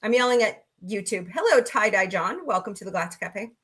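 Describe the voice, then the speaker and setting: A woman's voice: medium pitch, animated, brisk, fairly bright tone, slightly rough. A middle-aged woman hosting a casual livestream talk show, chatting and greeting viewers by name with a sarcastic streak.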